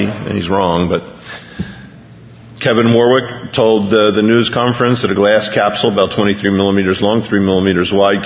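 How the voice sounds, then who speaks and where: A male pastor preaching a sermon in a conversational way, reading a news item aloud and restarting his sentences as he goes. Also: lowish voice. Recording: dull lo-fi recording with long hall reverb.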